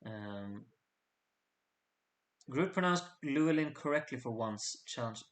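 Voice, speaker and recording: A man's voice: mid-range voice, animated, takes it slowly, pauses often. Chatty man reading out contest votes. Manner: chatty, jokey asides to the audience. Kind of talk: casual live voting commentary.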